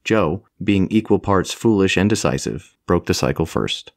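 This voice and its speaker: A man's voice: sits low, expressive, normal speed, creaky, few pauses, no room sound, studio quality. A man narrating a comic fantasy audiobook with a wry, storytelling delivery.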